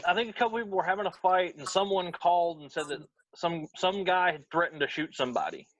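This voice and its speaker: A man in a casual round-table chat, chiming in with quick quips and retelling stories. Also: high voice, lively intonation, a bit bright, muffled recording.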